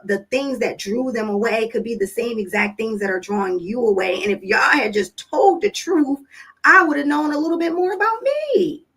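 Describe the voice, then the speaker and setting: Higher-pitched woman telling stories to camera. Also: gravelly, breathy edge, rough recording. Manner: conversational storytelling, acting out quoted dialogue; earnest, coaching tone with direct questions to listeners. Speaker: parenting vlogger. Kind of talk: casual monologue to camera.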